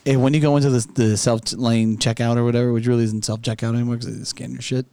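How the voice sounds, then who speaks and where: A man's voice: mid-range voice, little pitch movement, fast, vocal fry, mellow, dry recording. A man co-hosting a podcast, telling stories in a laid-back, wry way. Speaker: podcast co-host. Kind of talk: casual banter.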